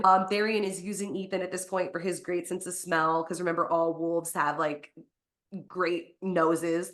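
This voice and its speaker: A woman co-hosting a podcast, casually recapping a novel's plot in a chatty way, full of fillers and quick acted-out quotes. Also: on the low side, fairly bright tone. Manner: chatty, lots of "like", acts out quotes. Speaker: podcast co-host.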